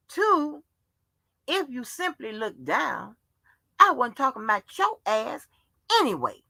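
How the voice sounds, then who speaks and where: A woman hosting her own livestream, ranting with a high, bright voice that swings widely up and down. She curses freely and fires off exasperated rhetorical questions. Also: very animated, takes it slowly, pauses often, dry recording. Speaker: livestream host. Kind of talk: casual ranting monologue.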